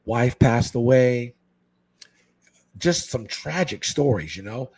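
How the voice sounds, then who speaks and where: A man from Hawaii, a guest on a casual podcast chat, talking excitably and saying "man" constantly. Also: slow, slightly rough. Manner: excitable, says "man" constantly, jumps into high animated quoted voices. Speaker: guest, fish-keeping content creator.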